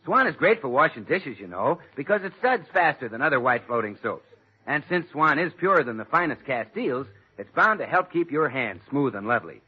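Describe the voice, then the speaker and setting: Jovial husky-voiced 1940s radio announcer. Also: male voice, fairly high pitch, very animated, fairly quick. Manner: jovial, salesy patter. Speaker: announcer and comic foil. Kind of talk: 1940s radio comedy with ad pitch. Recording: muffled old radio transcription.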